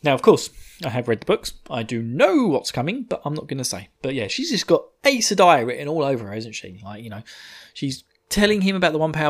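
A man's voice: on the high side, sing-song, fairly quick. A man recapping a fantasy novel chapter in a rambling, casual way, often laughing and swearing. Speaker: book reviewer.

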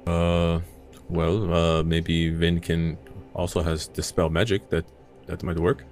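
A man playing a tabletop game, speaking haltingly. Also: deep voice, flat delivery, darkish tone, faint music behind. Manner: halting, hesitant. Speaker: player.

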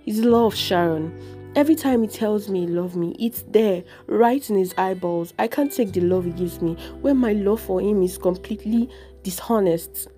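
A woman's voice: medium pitch, moderate pace, dark tone, faint music behind, natural voice. A woman voicing a heartbroken young woman who confesses through tears in a read-aloud story. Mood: tearful. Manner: tearful, pleading.

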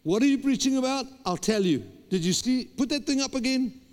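High-voiced preacher in a hall. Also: male voice, lively intonation, brisk, a little mellow. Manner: emphatic, repetitive preaching with stammered restarts. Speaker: pastor. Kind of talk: sermon. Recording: long hall reverb.

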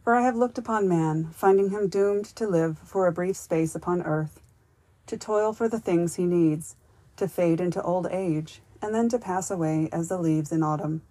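Claus as a solemn, earnest young man, formal and grateful in tone, delivered in a lowish, dry voice with nothing echoing behind it, as a woman reads him in a storybook audiobook. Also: normal speed, mellow, lightly acted.

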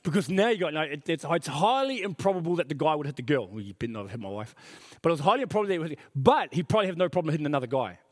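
A man's voice: fairly high pitch, animated, racing, hardly any pauses. A middle-aged man preaching a sermon as pastor, earnest and emphatic, repeating his key phrases. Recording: reverberant hall.

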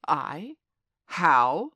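A woman voicing a huge male rock python in a storybook reading, speaking slowly and deliberately. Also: sits low, big pitch swings, bright, forceful tone, no room sound, full character voice. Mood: dismissive. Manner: slow, drawn-out, deliberate.

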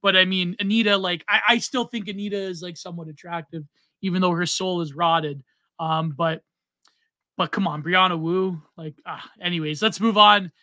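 A man in his thirties co-hosting a casual podcast, reading out donations with loud, excitable exclamations. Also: high-pitched, normal speed, no room sound. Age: 30s. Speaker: podcast co-host.

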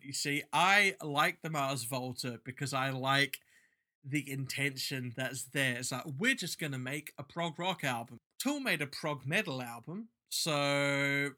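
Bright, sweary man. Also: medium pitch. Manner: blunt, sweary, enthusiastic. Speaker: podcast host. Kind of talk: casual chat.

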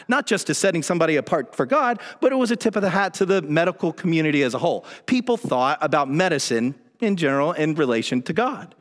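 Pastor, male, chatty sermon delivery with a slightly high voice, recorded in a reverberant hall. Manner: conversational, dropping to a low hush for dramatic reading. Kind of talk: sermon with a dramatic reading. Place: large church hall. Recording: long reverb of a large hall.

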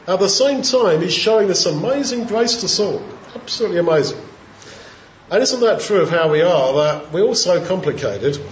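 A man giving an informal, reflective Bible teaching in a conversational way, pausing with fillers as he thinks. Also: a little high, slight background noise. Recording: roomy, dull lo-fi sound.

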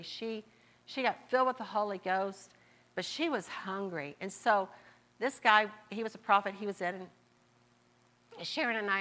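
A woman's voice: mid-range voice, sharp tone. A woman with a Southern accent preaching a sermon, repeating phrases and stretching out key words for emphasis.

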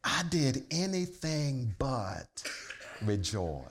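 A pastor preaches a sermon, telling a personal story in a humorous, conversational way that starts as quiet, low storytelling and builds to loud, excited shouting. He speaks slowly, and the noisy background includes congregation laughter.

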